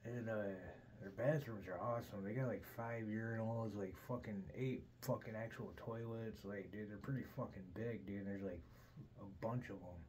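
A man's voice: lowish voice, steady tone, normal speed, a little mellow, a little hiss or hum, low-quality recording. A middle-aged man hosting a podcast, rambling through a casual story with constant swearing and "dude". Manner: profane, says "dude" constantly. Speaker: podcast host.

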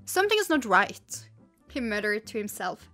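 A woman's voice: mid-range voice, sing-song, normal speed, bright, forceful tone, faint music behind. Old farmer, storybook, baffled and mumbly, read by a woman in her own voice. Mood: puzzled. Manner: puzzled, mutters. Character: bewildered old male farmer.

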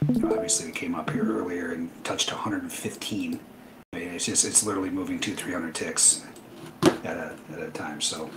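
A man's voice: sits low, noisy background. A man hosting a live trading webinar, talking casually through his trades with lots of fillers and a dry, sarcastic edge. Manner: loose, rambling, many fillers, dry sarcasm.

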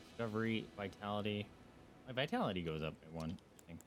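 A man streaming a video game, commentating live, excitable and yelping and swearing at the action. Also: lowish voice, fast talker, slight background noise.

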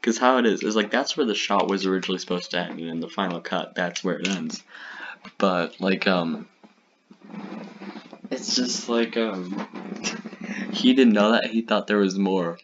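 A man's voice: low-pitched, normal speed, pauses often, highs cut off. A young man casually commenting on his old videos, chatty and laughing, rambling through explanations with lots of fillers. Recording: noisy recording.

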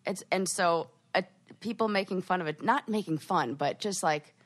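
A woman co-hosting a podcast in casual chat, rambling with lots of fillers and restarts and jumping up in pitch when she quotes herself. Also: moderate pace. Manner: lively, jumps up in pitch for quoted asides. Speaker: podcast co-host.

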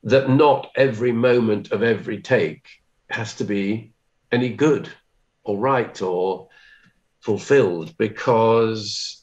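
A man, an actor being interviewed, telling self-deprecating anecdotes with lively quoted asides. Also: lowish voice, slow, dull audio.

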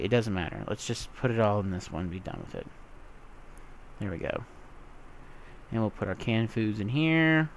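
A man casually commenting on his own gameplay as a let's play host, muttering to himself, swearing and breaking into loud excited yelps. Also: fairly low pitch, a little hiss or hum. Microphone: desktop mic with software trouble.

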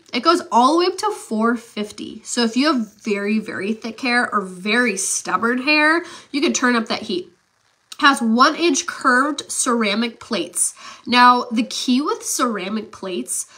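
A woman's voice: on the high side, pushed and bright. A congested woman in her thirties hosting a live beauty demo and giveaway, chatty and upbeat with lots of fillers. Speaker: beauty livestream host.

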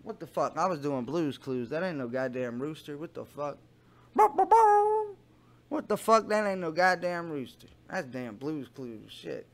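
Low-muttering man cursing in asides. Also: vocal fry. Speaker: comedy podcast host. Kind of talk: comedic reading of chat logs.

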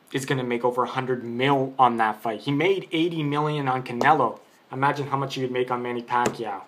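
A man giving an unscripted boxing opinion in a vlog, arguing his point, rambling and restarting his sentences. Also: medium pitch. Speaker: boxing commentator.

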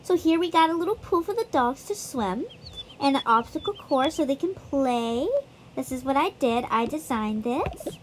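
A woman's voice: sits high, lively intonation, normal speed, a little hiss or hum. A woman giving a casual, chatty walkthrough of a mobile game, talking straight to her viewers. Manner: chatty, addresses viewers directly. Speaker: gaming YouTuber.

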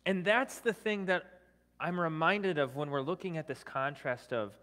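A man's voice: on the high side, normal speed, bright, forceful tone, big-room sound. A man preaching a sermon as a guest speaker, talking conversationally, often adding "right?", with self-deprecating humor. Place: church sanctuary.

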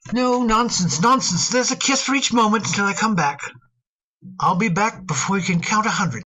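A woman voicing a gentle, fond middle-aged father in a radio drama, hesitant and given to repeating words. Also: medium pitch, normal speed, lightly acted, rough recording. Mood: uneasy.

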